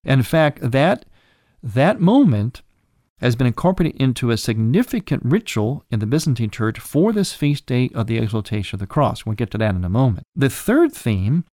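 A man teaching about church feasts in a measured, explanatory way, often restarting a phrase as he works out his wording. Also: mid-range voice, big pitch swings, a little mellow, no echo, clean studio sound. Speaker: religious teacher. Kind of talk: explanatory religious lecture.

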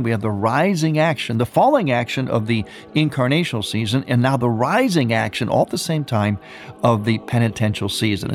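A man, a priest hosting a radio program, giving a reflective teaching talk and often repeating phrases as he builds a point. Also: mid-range voice.

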